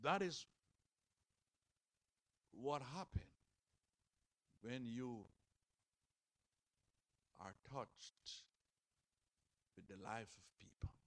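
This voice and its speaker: A man preaching a sermon, dramatic, moving between loud shouted passages and hushed, quiet ones. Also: mid-range voice, very animated, very slow, long pauses, no echo.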